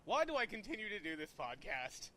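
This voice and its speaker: A man on a casual podcast, dropping dry, deadpan asides. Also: high voice, a little fast.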